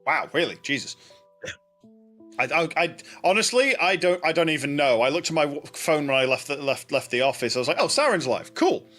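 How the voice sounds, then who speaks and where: A man's voice: fairly bright tone, faint music behind. A man co-hosting a gaming podcast in casual chat, teasing his co-hosts and breaking into frequent laughter. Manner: slow, teasing, laughs often in sudden high bursts. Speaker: podcast co-host.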